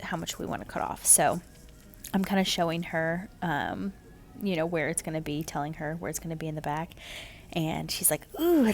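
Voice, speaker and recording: A woman casually narrating her home haircut video, chatty and relaxed, with lots of "um"s and "kinda"s. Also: on the low side, a little hiss or hum.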